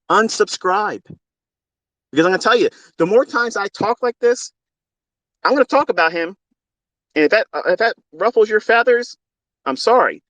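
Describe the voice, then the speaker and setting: A man's voice: on the high side, pushed and bright, no room sound. A man speaking into a phone, giving a fervent, preachy monologue as a trading mentor, blunt and swearing freely. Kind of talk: impassioned monologue on a live audio stream.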